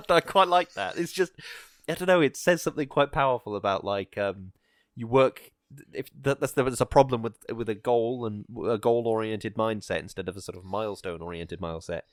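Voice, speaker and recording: This podcast co-host chats casually, rambling and hesitating with plenty of fillers. His voice sits on the low side at a normal speed, recorded with studio quality and no room sound.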